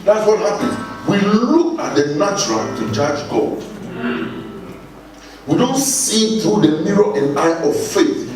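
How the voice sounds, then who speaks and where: A man's voice: sits high, big pitch swings, unhurried. A man pastor preaching a sermon, exhorting the congregation and repeating lines for them to echo back while reading scripture aloud. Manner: reads scripture aloud and comments on it. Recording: echoey hall, distant mic, music behind.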